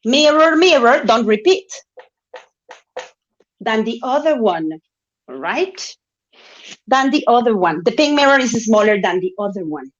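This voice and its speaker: A woman teaching an English class online, speaking slowly and patiently, coaxing her students and stretching out words. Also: a little high, very animated. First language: Spanish. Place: home room on an online video class. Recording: dull lo-fi video call audio.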